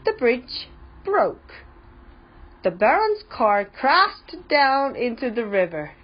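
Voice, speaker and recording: A woman reads a children's picture book aloud at a very slow, deliberate pace. Her voice is breathy, and her pitch moves expressively across a wide range. The recording sounds dull and lo-fi. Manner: slow, carefully paced, expressive reading. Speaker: storybook reader. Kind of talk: children's story read-aloud.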